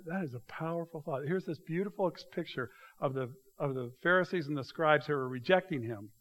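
A man preaching a sermon in a church, swinging between loud, raised passages and hushed, quiet asides. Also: a little high. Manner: dramatic shifts between loud acted quotes and hushed asides. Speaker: pastor.

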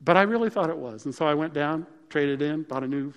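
A man's voice: on the high side, a little fast. A man preaching a sermon, telling personal stories in a conversational, humorous way. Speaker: pastor. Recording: long reverb of a large hall.

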